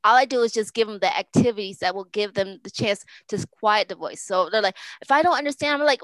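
A woman's voice: medium pitch, quick pace, hardly any pauses, fairly bright tone, dry recording, rough recording. A woman speaking as a podcast guest in a casual, rambling, earnest way, often restarting and repeating words. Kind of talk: casual interview talk.

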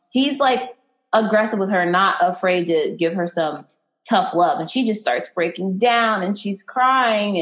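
A woman hosting a relaxed podcast conversation, talking with enthusiasm. She retells things at length with easy filler words. Her voice sits a little low. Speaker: podcast host. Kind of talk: casual chat.

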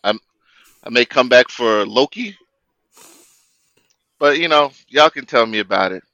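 A man co-hosting a podcast in casual debate chat, halting and repeating words as he makes his critique. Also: mid-range voice, expressive, pushed and bright, dry recording, highs cut off. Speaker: podcast co-host.

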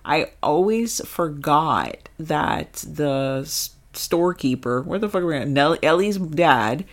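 A man co-hosting a podcast, rambling and joking about a movie, his voice jumping up when he gets excited. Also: slow pace. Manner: rambling, jokey, swings into excited highs. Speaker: podcast co-host. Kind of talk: casual movie discussion.

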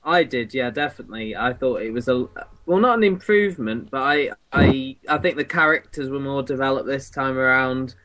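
A man co-hosting a casual podcast, relaxed and easygoing. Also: medium pitch, moderate pace, few pauses, rough recording. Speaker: podcast co-host. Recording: background hiss.

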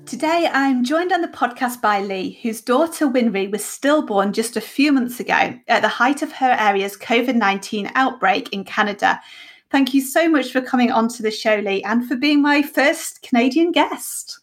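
A woman's voice: fairly high pitch, normal speed. A woman hosting a podcast interview, speaking earnestly with easy laughter. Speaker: podcast host.

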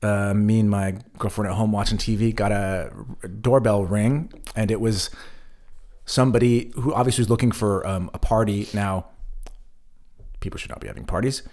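Male podcast co-host, lower voice, lively storyteller. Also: moderate pace. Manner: animated storyteller acting out quoted exchanges. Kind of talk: casual chat.

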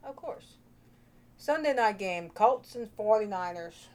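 A woman's voice: mid-range voice, expressive, measured pace, noisy background. A woman hosting a casual vlog, chatty and playful, thinking aloud into her own microphone. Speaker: vlogger host.

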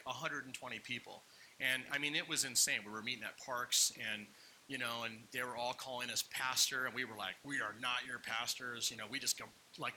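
A young adult man telling a personal story as a sermon, acting out what people said in lively asides. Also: mid-range voice, slight background noise, rough recording. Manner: animated personal storytelling, acts out quotes. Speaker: pastor.

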